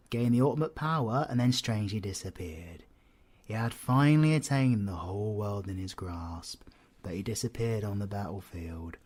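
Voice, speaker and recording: A man's voice: on the low side, darkish tone, slightly rough. Sneering British supervillain man. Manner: sneering, sarcastic, swears a lot. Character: sardonic male supervillain. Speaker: villain in audio role-play. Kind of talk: villain audio role-play.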